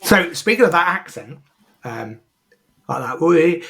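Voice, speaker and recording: A husky, slightly high-pitched man co-hosting a podcast. He chats casually and rambles, circling back with fillers and restarts. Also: sing-song, measured pace, a bit bright. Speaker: podcast co-host. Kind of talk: casual chat.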